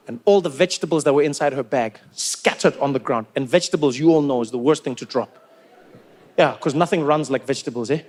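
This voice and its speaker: A man with a South African accent performing stand-up comedy, animated and acting out characters. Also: high voice. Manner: animated, acts out voices.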